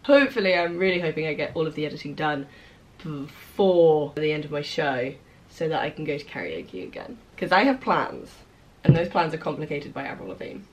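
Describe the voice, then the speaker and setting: A woman's voice: sits low, expressive, a little fast. A young woman, a comedian, chatting in a casual vlog and teasing an audience with playful crowd work, laughing often. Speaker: stand-up comedian and vlogger. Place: small comedy venue with an audience. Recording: echoey room, far from mic, crowd noise.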